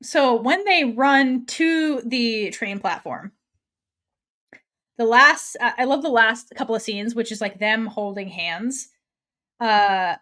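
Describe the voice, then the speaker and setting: Animated woman podcaster, higher voice. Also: slow. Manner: animated, acts out characters' lines, swears and laughs. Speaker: podcast co-host. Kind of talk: casual recap chat.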